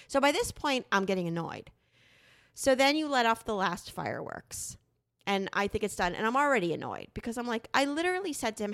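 Here a podcast co-host in her thirties, speaking on the high side and a little quickly, tells her husband a lively, heavily profane story in casual conversation.

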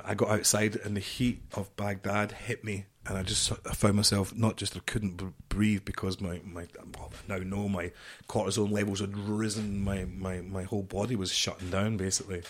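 A middle-aged man, a podcast guest, telling a story in an animated, swearing way and acting out the dialogue. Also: fairly low pitch. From United Kingdom.

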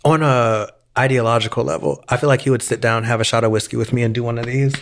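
A man co-hosting a chatty podcast, voice pitched right in the middle of the male range. He talks in a campy, opinionated way and drops deadpan asides. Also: fast talker, gravelly. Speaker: podcast co-host. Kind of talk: casual chat.

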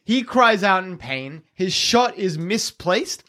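A man running a tabletop game as dungeon master, narrating the action with a relaxed, chuckling delivery. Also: high voice, slow. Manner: laid-back, chuckling storyteller.

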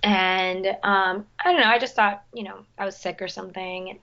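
A woman's voice: mid-range voice, fairly even intonation, moderate pace, sharp tone, lo-fi sound. A young woman chatting casually about her theater career, with lots of fillers and restarts. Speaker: guest, musical theater performer. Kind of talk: casual chat.

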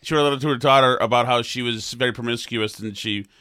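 A man's voice: mid-range voice, fast, bright, forceful tone. A man hosting a podcast, bantering casually and mocking himself in a joking way. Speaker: podcast host.

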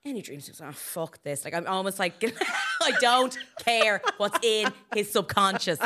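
A woman co-hosting a film podcast in casual chat, animated and quick to laugh, with frequent asides. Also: mid-range voice. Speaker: podcast co-host.

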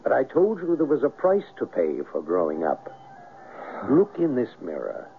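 An actor playing a mysterious, commanding foreign hypnotist in a 1970s radio drama, with a purring, theatrical delivery. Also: male voice, mid-range voice, huge pitch swings, moderate pace, vocal fry, a little hiss or hum. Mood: sly. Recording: tinny lo-fi radio broadcast.

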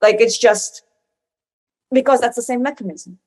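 A woman's voice: fairly high pitch, moderate pace, a little mellow. A woman speaking in a conversational interview, rambling and full of "like" fillers and restarts.

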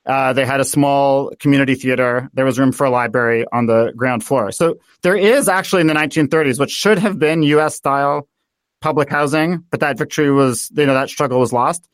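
A man from the United States, a guest in a political interview, talking in an animated way and thinking aloud with many fillers. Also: mid-range voice, fairly quick, no echo. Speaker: guest author.

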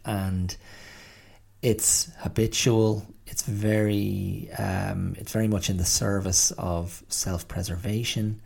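Low gravelly man musing. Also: little pitch movement, slow pace, a little mellow. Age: middle-aged. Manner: thoughtful, hesitant, many restarts and fillers. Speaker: podcast host. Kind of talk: reflective solo monologue.

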